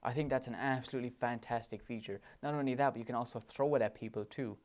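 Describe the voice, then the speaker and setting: A man's voice: mid-range voice, fairly even intonation, fast talker, darkish tone. A man with an Irish accent giving enthusiastic commentary over gameplay footage, gushing about what he sees. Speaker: let's play commentator.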